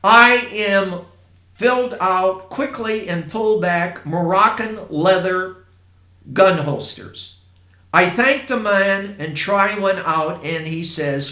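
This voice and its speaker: In a plain, unhurried manner, a man from Indiana tells a first-person story and makes asides to his listeners. His voice is high-pitched and sharp, and the recording has a roomy echo.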